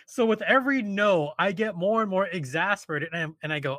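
A man casually telling a story, animated and exasperated, acting out the people he quotes. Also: fairly high pitch, fairly quick, few pauses, no echo.

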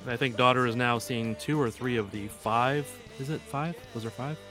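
A man's voice: medium pitch, fairly even intonation, normal speed, fairly bright tone, soft background music. Wry man on a sports podcast. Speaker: podcast co-host. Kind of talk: casual sports chat.

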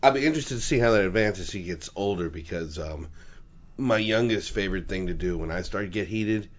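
A man's voice: low-pitched, fairly quick. A man co-hosting a podcast in casual chat, jokey with playful exaggerated outbursts. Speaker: podcast co-host. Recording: dull lo-fi sound with faint noise.

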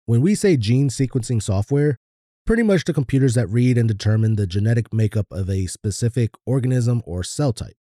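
Laid-back man with a dark voice. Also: medium pitch, lively intonation, fairly quick, no echo, studio quality. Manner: laid-back, swears casually. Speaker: podcast co-host. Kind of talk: casual podcast chat.

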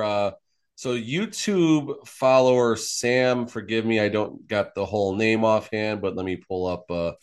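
A man's voice: lowish voice, measured pace, clear, resonant tone. A man co-hosting a sports podcast, rambling and teasing his co-host while searching for words. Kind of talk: casual sports podcast chat.

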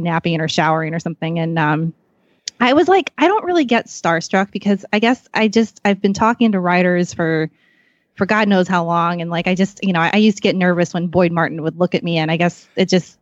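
A woman's voice: on the low side, expressive, a little fast, no room sound, dull audio. A woman chatting as a podcast guest, rambling with many fillers and calling herself awkward. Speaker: podcast guest, magazine staffer. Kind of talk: casual chat.

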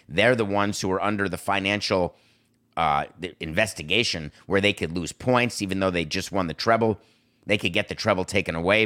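A middle-aged man hosting a sports talk show, animated and sarcastic, slipping into mocking voices. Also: low-pitched. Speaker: podcast host.

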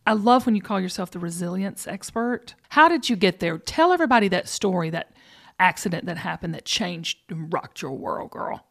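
A woman's voice: lowish voice, lively intonation, moderate pace, creaky, fairly bright tone. A woman hosting a podcast, chatty and playful, teasing her co-host and guests. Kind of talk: casual chat.

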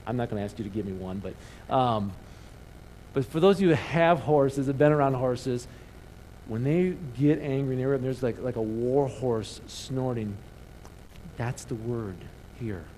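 A man preaching a sermon in church, animated, calling the congregation to answer back. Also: medium pitch, moderate pace, slight background noise, poor audio. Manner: animated preaching with call-and-response. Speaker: pastor. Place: church sanctuary.

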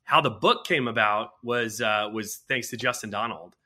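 A man, a guest author and culture consultant, telling anecdotes in an animated, casual interview. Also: fairly low pitch, normal speed.

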